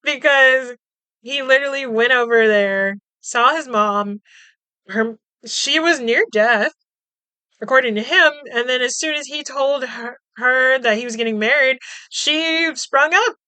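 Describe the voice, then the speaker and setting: A woman's voice: high-pitched, a little slow, bright, forceful tone, clear, resonant tone, no room sound. A woman podcast host casually recapping a movie, chatty and swearing, laughing as she acts out the characters' lines.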